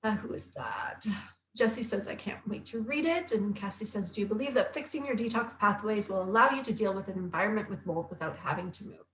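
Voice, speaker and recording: A chatty, upbeat woman of middle pitch talks through a casual live stream, reading out viewer comments with quick asides. She sounds like a health coach and author. Her voice rings with a roomy echo. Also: fairly bright tone.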